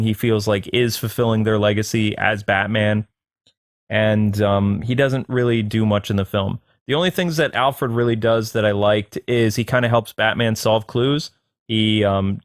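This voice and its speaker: A man giving a casual spoken movie review, rambling with many fillers and sudden excited jumps in pitch. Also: dry recording, studio quality.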